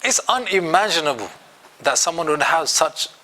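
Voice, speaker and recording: A man with a British accent teaching an Islamic studies class, telling a story in an animated way and acting out its dialogue. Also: a little high, moderate pace. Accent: British English.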